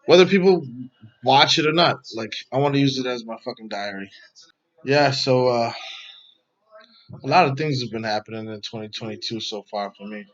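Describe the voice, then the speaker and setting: A man's voice: medium pitch, normal speed, pauses often, lo-fi sound. A man hosting his own podcast vlog at home, telling a story in a rambling way with heavy profanity. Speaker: podcast host.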